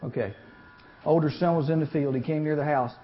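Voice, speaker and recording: A man preaching to young people, folksy and animated, often asking the crowd questions and acting out the people in the story. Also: on the high side, a little fast. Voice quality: animated, acts out voices in the story. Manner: folksy, talks to the audience with questions. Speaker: youth speaker. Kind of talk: sermon. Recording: muffled lo-fi recording.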